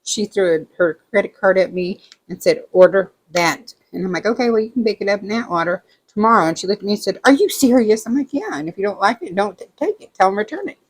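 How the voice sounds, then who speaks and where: A woman's voice: medium pitch, quick pace, hardly any pauses. A woman vlogger chatting casually while doing a craft at home, rambling through stories and acting out what others said. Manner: rambling storytelling, animated quoting of others. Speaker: diamond painting vlogger.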